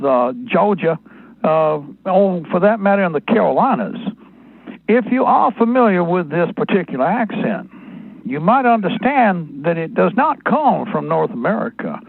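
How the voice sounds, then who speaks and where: A man with a high voice and vocal fry hosts a talk radio show, rambling through a digressive monologue packed with asides. The sound is dry and narrow, like a phone line, with no echo.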